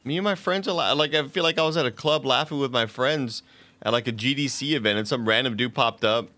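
A man streaming a video game, excitable and profane, laughing and talking to his chat. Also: medium pitch, a little fast. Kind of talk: live gameplay commentary. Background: game music and sound effects.

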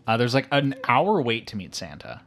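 Male podcast host, mid pitch, lively delivery, casual film recap. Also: normal speed. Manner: animated, recounts scenes acting out characters' lines.

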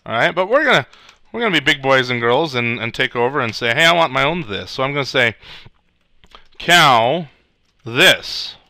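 A man giving a casual screencast coding lesson, thinking aloud as he types, with frequent restarts and throat clearing. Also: mid-range voice, lively intonation, moderate pace, pauses often, pushed and bright, no room sound. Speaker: programming instructor.

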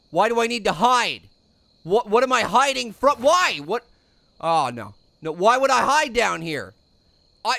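A man voicing a hyper, wisecracking male cartoon fruit who excitedly comments on a video game, repeating himself and yelping at scares. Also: no echo, full character voice. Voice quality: high, gravelly voice. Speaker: let's play commentator. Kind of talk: let's play commentary.

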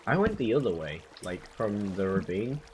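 Brief: young male gamer, lowish voice with lively swings, dry teasing, noisy home mic. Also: moderate pace. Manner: laid-back, dry teasing remarks. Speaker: co-player. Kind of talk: casual gameplay chat.

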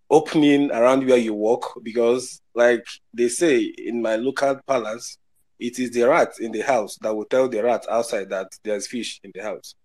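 A man's voice: mid-range voice, a little mellow. A man from Nigeria with a Nigerian accent, speaking in a casual live audio chat in an apologetic, rambling way full of restarts. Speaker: participant.

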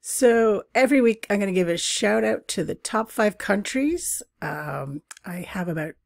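A woman's voice: medium pitch, expressive, unhurried, creaky, no room sound, clean studio sound. A woman from Canada hosting her own travel podcast, talking in a chatty, casual way with frequent laughs and asides. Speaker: podcast host. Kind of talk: casual solo podcast chat.

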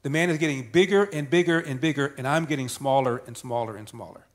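A man's voice: mid-range voice, fast talker. A man telling a personal story as an interview guest, emphatic and building with repeated phrases. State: emotional, near tears.

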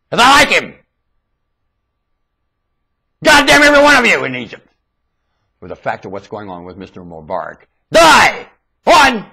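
A man ranting erratically into a webcam at home, swinging from shouting to low muttering. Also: vocal fry, husky. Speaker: vlogger. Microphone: webcam mic.

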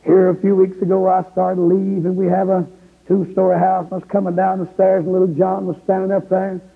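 Husky evangelist guy begging folks at a revival, rough gravelly voice, old tinny sermon tape. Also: sits high, monotone, a little fast, big-room sound, faint music behind. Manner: impassioned, pleading preaching. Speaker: evangelist preacher. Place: church revival service.

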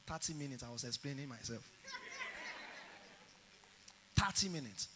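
A man's voice: a little high, fairly quick, long pauses, long reverb tail, a little hiss or hum. A middle-aged Nigerian man preaching a sermon, telling stories animatedly and acting out the dialogue. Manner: animated storytelling, acts out dialogue.

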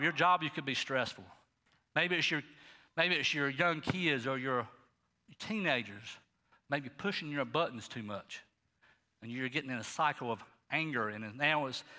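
Animated high-voiced male pastor preaching. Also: big-room sound. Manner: folksy, animated preaching with asides to the congregation. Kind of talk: sermon. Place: church sanctuary.

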